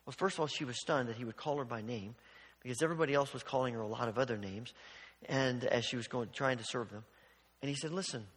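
A man preaching a sermon in an earnest way, often stumbling over repeated words and dropping to a hushed voice for emphasis. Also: medium pitch, quick pace, slightly rough, big-room sound. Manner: earnest, repeats words when restarting, drops to quiet near-whispers for emphasis.

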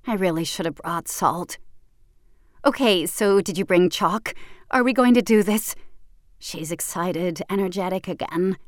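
A woman reads first-person fiction in a measured, intimate voice, with a quiet tension running under it. Her voice sits on the low side. She is close on a studio microphone, and the sound is dry with no room echo. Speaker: audiobook narrator.

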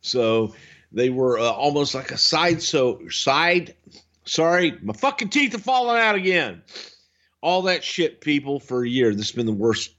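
A man co-hosting a podcast, telling stories in a casual, profane way and swinging between low grumbling and loud outbursts. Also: very animated, unhurried, highs cut off. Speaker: podcast co-host, wrestling veteran.

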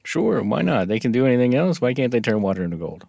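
A man co-hosting a casual podcast, reading from notes with halting restarts and cracking jokes. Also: mid-range voice, very animated, gravelly, a little mellow, dry recording, studio quality. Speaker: podcast co-host. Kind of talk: casual conversational podcast chat.

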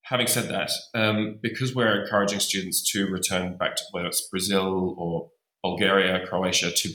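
Man, fairly low voice, bright tone, roomy echo, measured with frequent ums. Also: little pitch movement. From Australia. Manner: thoughtful, hesitant with many ums. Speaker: musical theatre program head. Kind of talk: podcast interview.

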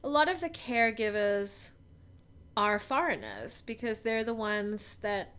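A woman's voice: medium pitch, big pitch swings, unhurried, a bit bright, smooth. A woman co-hosting a movie podcast, speaking frankly and conversationally. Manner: conversational, frank, laughs easily. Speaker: podcast co-host. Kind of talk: casual movie review chat.

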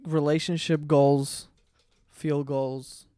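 A man's voice: fairly high pitch, level tone, slow pace, mellow, slight background noise. A young man hosting a podcast, telling crude stories in casual chat. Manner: crude, joking storyteller. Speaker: podcast host. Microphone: studio mic on stand.

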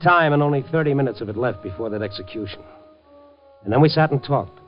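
A man's voice: mid-range voice, animated, quick pace. A man narrating and playing a reporter in a 1950s radio drama, urgent and clipped. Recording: dull old radio recording with music.

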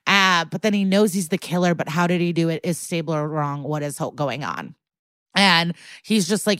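A woman's voice: fairly low pitch, normal speed, fairly bright tone, clean tone, no room sound, studio quality. A woman co-hosting a podcast, recapping a TV episode in a chatty, casual way, full of "like" and swearing freely. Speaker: podcast co-host.

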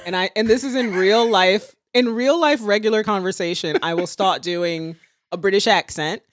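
A woman's voice: medium pitch, normal speed, no room sound, clean studio sound. A woman comedian guest on a podcast, playful and self-mocking in casual chat. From Haitian heritage, US.

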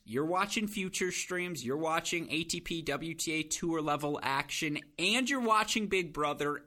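A young man hosting a casual podcast chat, an animated storyteller. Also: a little high. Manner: animated storyteller, acts out quoted voices. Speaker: podcast host.

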